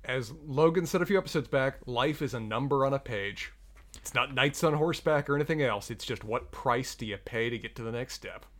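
A man co-hosting a casual TV recap podcast, talking in an analytical, measured way with the odd curse. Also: mid-range voice. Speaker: podcast co-host.

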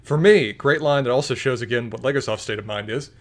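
A man co-hosting a casual podcast, relaxed and encouraging. He talks through his picks in an unhurried way and reads quoted lines straight, with no big performance. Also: mid-range voice. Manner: easygoing and appreciative, reads quotes aloud. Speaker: podcast co-host. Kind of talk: casual chat ranking favorite lines from a TV drama.

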